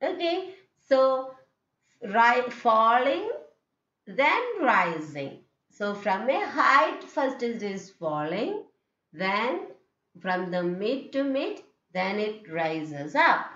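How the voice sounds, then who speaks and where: A woman with an Indian English accent teaches intonation in a recorded university lecture. She speaks slowly and patiently, and her pitch moves a lot. Her voice sounds echoey and dull, as if recorded in a bare room on lo-fi gear. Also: sing-song, a bit bright. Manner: patient, repeats each point with "okay".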